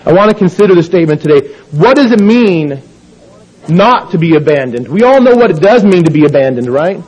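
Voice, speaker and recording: High-voiced preacher giving a sermon. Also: male voice, expressive, darkish tone, breathy edge, rough recording. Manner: measured, emphatic scripture reading.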